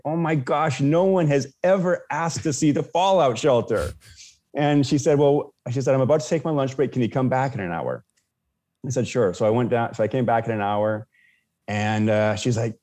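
A man's voice: medium pitch, warm tone. A man casually telling a personal story as a podcast guest, with many restarts and fillers.

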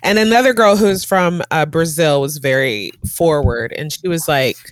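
A woman's voice: sits low, normal speed, no room sound, studio quality. A woman in her thirties chatting casually over a video call, rambling with many fillers and frequent laughs. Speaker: guest in a conversation. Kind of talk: casual chat.

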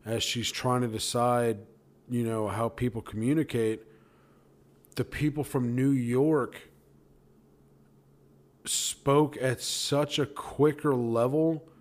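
A man's voice: mid-range voice, fairly even intonation, slow, long pauses. Young man, casual rambling talker, restarts often, swears freely. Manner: rambling retelling with restarts and profanity. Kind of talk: casual chat.

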